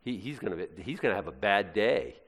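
A man preaching with a lively, swinging voice and playful, jokey asides. His voice carries through a big hall with a long, trailing echo. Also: fairly low pitch, fast. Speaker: pastor. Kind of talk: sermon.

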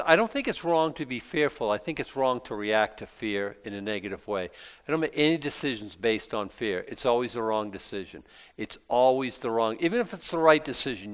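A male pastor gives an informal Bible talk in a clear, resonant mid-range voice. He's conversational and rambling, restarts sentences often, and pokes fun at himself with light jokes.

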